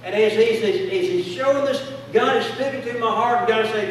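A man's voice: sits high, fairly quick, few pauses, a little hiss or hum. A man preaching a sermon with fervent call-and-response in a church. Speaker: pastor. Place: church sanctuary. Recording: echoey church hall from a distance.

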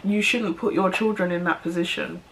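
A woman's voice: fairly low pitch, steady tone, moderate pace, a bit bright, slight background noise. A young woman, giving her opinion in a casual vlog, emphatic and repeating her points. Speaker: vlogger.

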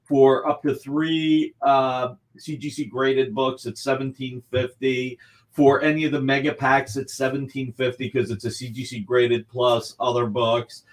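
A man running a live comic book auction over a video call, pitching books with enthusiasm and urging bidders on. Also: level tone, measured pace. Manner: enthusiastic, pushes bidders along. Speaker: guest auctioneer.

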